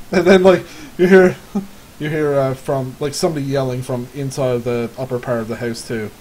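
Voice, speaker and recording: A man's voice: medium pitch, fairly even intonation, normal speed, darkish tone, poor audio. A man narrating a tabletop game as game master, rambling with lots of fillers and frequent laughs. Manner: giggly, rambling with many fillers.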